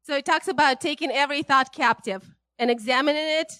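A woman with a high voice preaches in a relaxed, conversational way. She is chatty and animated, laughs a lot and keeps checking in with her listeners. The sound is close and dry. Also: a little fast, dry recording. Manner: chatty and animated, laughs often, many "right?" tags. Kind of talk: casual, conversational sermon.

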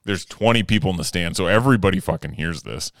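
A young man co-hosting a podcast, chatting casually and telling stories, animated and swearing freely, shouting when he acts out his anger. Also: deep voice, fast, dry recording, clean studio sound. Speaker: podcast co-host. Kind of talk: casual chat, storytelling.

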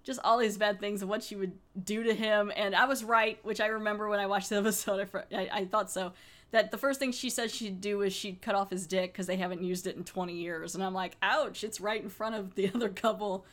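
A woman's voice: mid-range voice, fairly bright tone. Chatty woman podcast host. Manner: rambling, chatty, laughs as she recaps. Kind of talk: casual episode recap.

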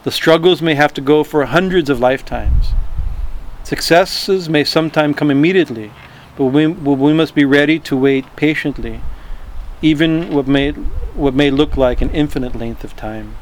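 A man's voice: fairly high pitch, rough recording. Man teaching from a religious text. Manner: alternates formal reading with loose, halting storytelling full of restarts. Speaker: spiritual teacher. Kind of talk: reading and commenting on a religious text in a class.

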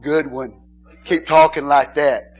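A male pastor preaching an informal sermon in a church, bantering and laughing with the congregation and rising to shouted emphasis. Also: fairly high pitch, fairly even intonation, slow pace. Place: church sanctuary.

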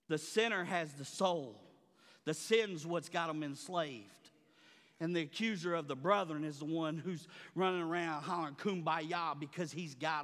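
A man preaching a sermon as pastor, swinging from quiet murmurs to loud, high shouting in a dramatic, colloquial preaching style. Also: gravelly, big-room sound.

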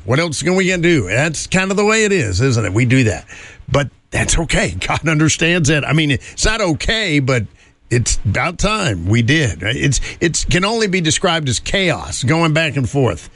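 A man's voice: a little high, a bit bright. A man hosting a morning show, chatting casually and rambling with fillers and chuckles. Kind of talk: casual radio chat.

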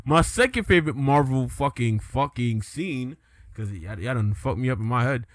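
Casual podcast host, man, lively swinging pitch, dry close sound. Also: moderate pace, dry recording. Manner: animated, laughing often, jokes with put-on voices. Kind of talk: casual chat.

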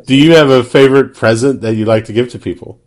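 A man's voice: medium pitch, quick pace, darkish tone. A man hosting a podcast, asking short, easygoing questions. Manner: brief, easygoing interviewer. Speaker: podcast host. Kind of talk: casual podcast interview.

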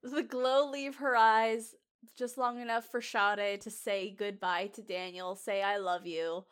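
A woman with a slightly high voice co-hosts a casual podcast. She talks with eager enthusiasm, restarting sentences and laughing between thoughts. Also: steady tone, unhurried, smooth. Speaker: podcast co-host. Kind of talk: casual chat.

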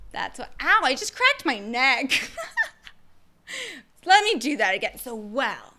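Bright-voiced candid woman podcaster. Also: a little high. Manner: candid and expressive, slangy. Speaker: podcast host and therapist. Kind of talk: casual podcast monologue.

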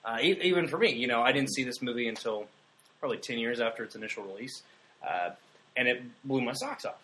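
A man's voice: mid-range voice, fast, pushed and bright, slight background noise, low-quality recording. A man co-hosting a film podcast, chatting casually and rambling with restarts. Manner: rambling, many restarts, joking. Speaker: podcast co-host. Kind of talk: casual chat.

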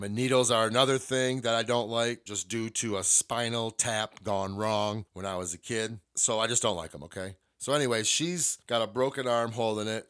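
A man's voice: on the low side, a bit bright, clear, resonant tone. A middle-aged man hosting a solo podcast, telling a personal story in a blunt, candid way with lots of swearing. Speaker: podcast host.

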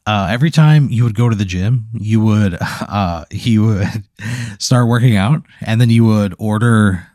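A man improvising a rambling comic hypothetical in casual chat, dropping to a low deadpan for punchlines. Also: a little slow, no echo, studio quality. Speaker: podcast host telling a hypothetical.

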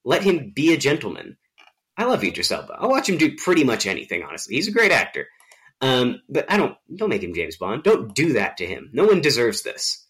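A man co-hosting a podcast, telling stories in a rambling, animated way with lots of fillers. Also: mid-range voice, fairly quick. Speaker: podcast co-host. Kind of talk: casual chat.

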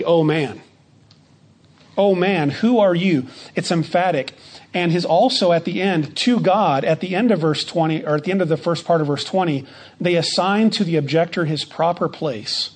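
Pastor, male, slightly higher voice, deliberate emphatic sermon delivery, restarts phrases. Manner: slows down and stresses key phrases; repeats words when starting a phrase.

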